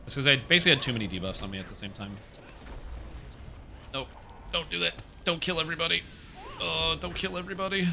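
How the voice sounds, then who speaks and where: A man live-streaming a raid game, chatting casually and rambling excitedly with teammates, now and then swearing. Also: a little high, fast talker, vocal fry, pauses often, noisy background.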